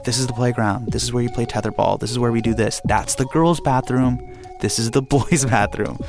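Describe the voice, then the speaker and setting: A man telling a personal story in an interview, animated and acting out quotes and sound effects. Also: medium pitch, brisk, creaky, over music. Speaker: guest storyteller.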